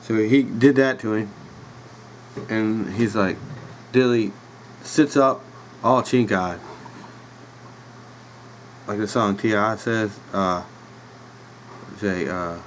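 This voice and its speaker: Speaking slowly with long pauses, a man in his thirties with a laid-back Virginia accent rambles through a podcast story, full of fillers, laughs, and side remarks. His voice is on the low side. It's a rough home recording in a room with a dog nearby, with a faint air conditioning hum.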